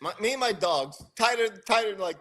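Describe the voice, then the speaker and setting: A middle-aged man telling a story in casual podcast chat, ranting and swearing a lot in an animated way. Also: sits high, a little fast, over a noisy crowd. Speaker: podcast co-host.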